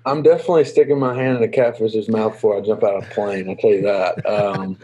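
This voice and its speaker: Young guy, lowish mellow voice, kinda muffled audio, lots of um and you know. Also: fairly even intonation, a little hiss or hum. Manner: halting, lots of fillers, easygoing. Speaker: guest, professional baseball player. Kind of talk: casual interview answers.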